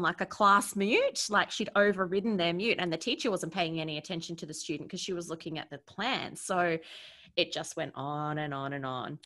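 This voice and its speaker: A woman in her thirties hosts a relaxed podcast chat. She tells stories in a chatty way and keeps breaking into giggles. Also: mid-range voice. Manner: giggly, chatty storyteller who laughs often. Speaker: podcast host. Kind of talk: casual chat.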